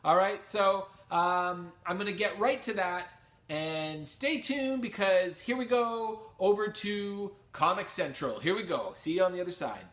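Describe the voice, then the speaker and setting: A Canadian man talks through his latest finds in a relaxed, upbeat way, drifting into little tangents as he goes. His voice sits slightly higher than most men's. He records at home in a casual vlog style. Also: a little slow, a little hiss or hum. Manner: chatty and upbeat, rambling asides. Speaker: comics vlogger showing his haul. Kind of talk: casual chat.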